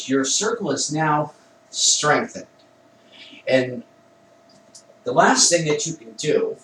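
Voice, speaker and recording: A man's voice: on the high side, a bit bright. Man, Wicca priest, walks through a ritual, plain and conversational; mic at a distance, faint background noise. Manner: plain conversational explaining with self-corrections. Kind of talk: instructional ritual demonstration. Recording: echoey room, mic at a distance.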